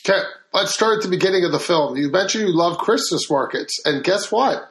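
Male interviewer, high voice with gravelly fry, fast easy chat. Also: animated, a bit bright. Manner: quick, chatty, laughs while talking.

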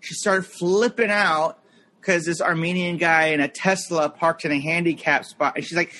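Man, 30s, casual podcast co-host; high bright voice, rambling storyteller. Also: normal speed. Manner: rambling, lots of fillers, mimics people in anecdotes.

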